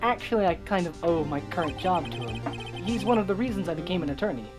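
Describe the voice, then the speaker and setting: A woman's voice: fairly low pitch, animated, fast talker, music in the background, lightly acted. A woman voicing a nervous young male rookie lawyer in a game, speaking earnestly. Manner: earnest, slightly unsure.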